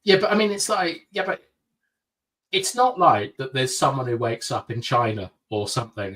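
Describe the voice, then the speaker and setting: Animated man musing on accents. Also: medium pitch, normal speed. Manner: animated, opinionated, rambles with fillers. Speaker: podcast co-host. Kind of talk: casual live-stream chat.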